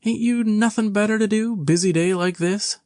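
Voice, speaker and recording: A man voicing a bossy older woman innkeeper with a shrill, rustic scolding voice. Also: moderate pace, darkish tone, no echo, clean studio sound, lightly acted.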